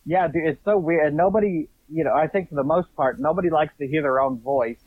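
A man from Indianapolis with a Central Indiana accent, a comedian guest talking in a relaxed, self-deprecating way. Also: fairly high pitch, brisk, no echo. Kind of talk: casual interview chat. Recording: tinny phone line.

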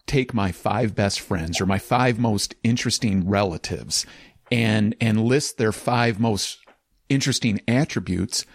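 A man's voice: on the low side, measured pace, no room sound. A man hosting a podcast interview, asking reflective questions and laughing often. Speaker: podcast host. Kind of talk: casual interview chat.

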